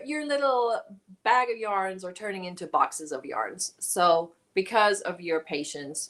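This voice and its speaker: A woman's voice: medium pitch, a bit bright. A woman hosting a casual livestream, greeting viewers by name and thanking them as she reads their comments. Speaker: livestream host. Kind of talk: casual chat reading live comments.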